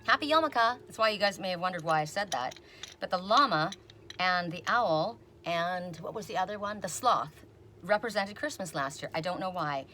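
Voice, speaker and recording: A middle-aged woman reading oracle cards in a casual, rambling chat, telling stories and quoting people in animated voices. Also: on the low side, moderate pace, slight background noise. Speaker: oracle card reader. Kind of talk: casual chatty video reading.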